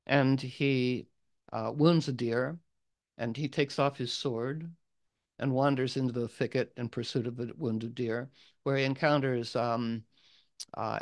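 A man telling an old legend aloud in a casual, rambling way with asides. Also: mid-range voice. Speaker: storyteller. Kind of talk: oral storytelling.

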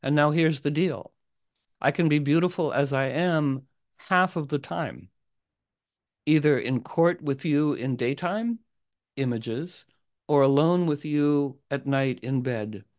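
A man storyteller voicing an enchanted old woman who bargains boldly, in a raised, louder voice. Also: on the high side, slow pace. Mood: commanding. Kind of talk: oral storytelling.

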